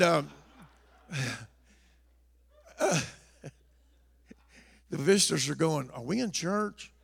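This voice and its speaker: Older man, preacher, folksy sermon, raspy fry, long church reverb. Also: a little high. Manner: folksy storytelling, swings from hushed to shouting. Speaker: pastor.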